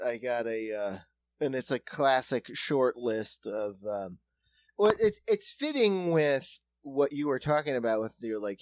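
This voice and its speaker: A man in relaxed podcast chat, winding through a story with plenty of ums and likes. His pitch sits in an ordinary middle range. The voice is close and dry. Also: no echo. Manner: rambling, filler-heavy storytelling. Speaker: podcast co-host. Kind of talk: casual comedic chat.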